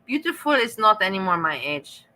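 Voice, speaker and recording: Bright-voiced boastful older woman. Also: medium pitch, sing-song, normal speed. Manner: boastful, teasing.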